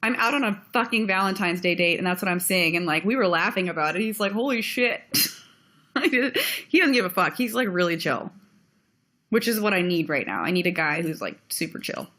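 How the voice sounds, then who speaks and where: A woman's voice: lowish voice, lively intonation, brisk, sharp tone. Blunt, heated young woman ranting. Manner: blunt, heated, swears freely. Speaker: vlogger. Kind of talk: ranting video commentary.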